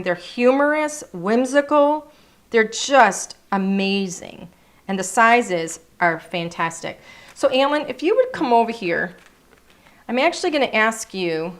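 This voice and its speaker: A woman presenting craft products in a casual, chatty showcase, gushing over each item and sometimes hunting for words. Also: medium pitch.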